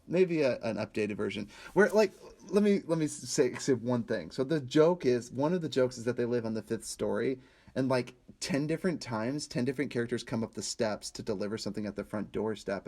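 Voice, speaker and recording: A young man with a lively, often laughing way of talking, co-hosting a casual chat about movies. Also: mid-range voice. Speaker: podcast co-host.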